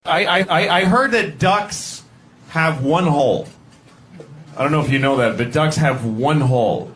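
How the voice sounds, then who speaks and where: A man doing stand-up comedy, rambling and deadpan with halting restarts. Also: fairly high pitch.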